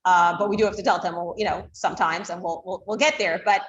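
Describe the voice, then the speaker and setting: A woman's voice: on the low side, steady tone, fast talker, muffled recording. A woman teaching a class, explaining with frequent fillers like "you know" and acting out tones of voice to make her points. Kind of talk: lecture to a class. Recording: roomy echo.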